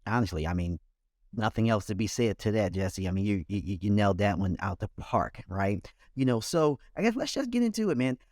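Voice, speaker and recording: A man's voice: lowish voice, very animated, fairly quick, darkish tone, no room sound, studio quality. A man from California hosting a casual podcast, easygoing and repeating himself as he asks questions. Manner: laid-back, repeats words, says man and right. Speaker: podcast host.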